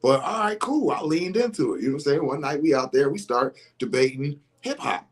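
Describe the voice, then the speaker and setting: A young adult man hosting a podcast, telling a story in casual chat, animated and profane, often getting loud and emphatic. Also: on the high side, brisk. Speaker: podcast host.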